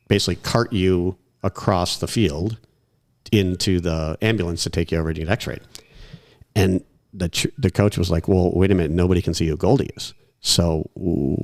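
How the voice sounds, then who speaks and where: A man in a podcast interview, telling animated anecdotes with laughs and quoted voices. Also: low-pitched, moderate pace. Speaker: podcast guest. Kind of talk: casual storytelling.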